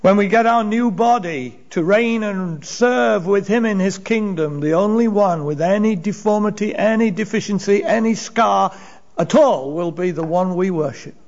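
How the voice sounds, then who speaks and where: A man's voice: sits high, a little mellow, dull audio. A man preaching a sermon, retelling Bible stories with emphasis and acted-out voices. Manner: storytelling, acting out voices, rising and falling emphasis.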